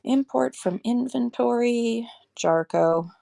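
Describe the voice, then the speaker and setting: A woman's voice: on the high side, creaky, dark tone, dry recording. Chatty woman livestreaming her shelves. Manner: chatty, rambling, corrects herself with quick laughs. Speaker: online live-auction seller. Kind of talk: casual livestream chat and demo. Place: indoor room with shelves. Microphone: handheld phone.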